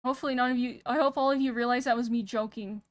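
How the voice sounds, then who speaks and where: A young woman streaming casual chat, soft-spoken and a bit monotone, rambling and pausing every few words while she thinks. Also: on the high side, no echo. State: sick. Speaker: VTuber streamer. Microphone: streaming mic with noise gate.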